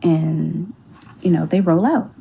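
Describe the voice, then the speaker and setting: A woman with a low, husky voice tells a personal story in a loose, candid way. She swears freely and often sinks into near whispers. Her tone is dark and gravelly. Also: slow pace, rough recording. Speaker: storyteller in a clip. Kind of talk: casual storytelling.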